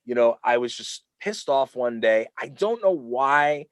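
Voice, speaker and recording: A man spins a loose, animated anecdote as a podcast guest, tripping over his words and leaning on fillers. His voice sits mid-range and sounds close and dry. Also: mid-range voice, measured pace, no echo. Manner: rambling, many restarts and fillers, animated when quoting. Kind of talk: casual storytelling.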